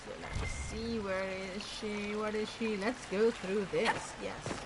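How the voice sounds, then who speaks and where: A woman's voice: mid-range voice, steady tone, slow pace, very noisy. A woman hosting a let's play, chatting enthusiastically and reading in-game text aloud as she plays. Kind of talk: gameplay commentary.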